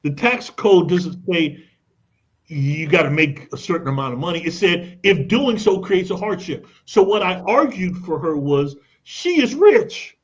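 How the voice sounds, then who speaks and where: High-voiced man, emphatic on radio. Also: moderate pace, slightly rough, dull audio. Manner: emphatic, persuasive, casual slang. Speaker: credit and tax expert guest. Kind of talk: radio talk show guest explaining. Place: radio studio.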